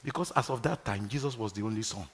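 A man's voice: on the low side, fast, a bit bright, breathy edge, big-room sound. A Nigerian man preaching a sermon, calling out to his congregation for responses. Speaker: pastor. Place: large church hall.

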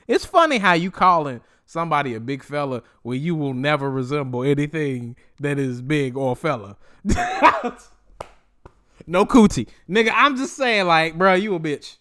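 A young man hosting a solo podcast, ranting in a profane, animated way and mocking people in quoted voices. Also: on the high side, moderate pace. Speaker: podcast host.

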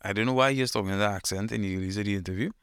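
A man, chatting casually as a podcast co-host, rambling and thinking aloud in a relaxed way. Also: on the low side, rapid-fire, clean tone, no room sound, studio quality. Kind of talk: casual chat.

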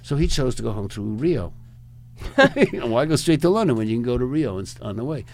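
Older man with a gravelly voice telling stories. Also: mid-range voice, animated, fairly quick, darkish tone, a little hiss or hum. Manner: rambling, chuckling, acts out other people's lines. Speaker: rock photographer, interview guest. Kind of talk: anecdotal storytelling in a conversation.

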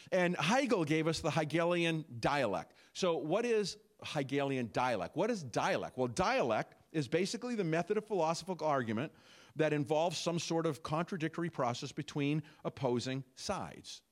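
A man preaching a sermon, animated, with frequent rhetorical questions and asides to the congregation. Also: fairly high pitch, normal speed. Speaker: pastor.

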